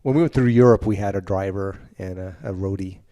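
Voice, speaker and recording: An American musician guest with a low male voice, talking a little fast, tells stories during an interview. He's casual and animated, acting out the lines of the other people in his tales.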